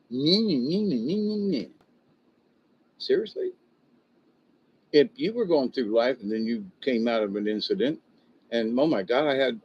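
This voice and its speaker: A man's voice: medium pitch, muffled recording, slight background noise. An older man venting and rambling on a casual livestream, stopping to greet viewers and read their comments. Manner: frustrated, rambling, self-interrupting.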